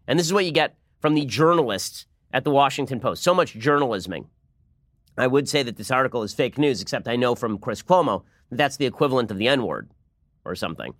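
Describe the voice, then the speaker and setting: A man hosting a political commentary show, arguing in a sarcastic, rapid-fire way. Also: medium pitch, animated, fairly bright tone, no room sound, studio quality.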